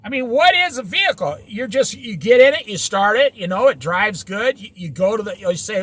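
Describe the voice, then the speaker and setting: A man's voice: sits high, expressive, normal speed, few pauses, a bit bright, no room sound. A man giving an opinionated, preachy monologue about living simply in a van, repeating points and firing rhetorical questions. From United States. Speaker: van-life vlogger.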